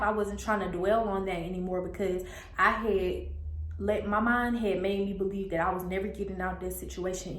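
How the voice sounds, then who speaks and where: A young woman recounting a personal story in a casual storytime vlog. Her delivery is animated, with sudden high jumps in pitch when she quotes others. The room adds a noticeable echo. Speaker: storyteller vlogger. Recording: echoey room.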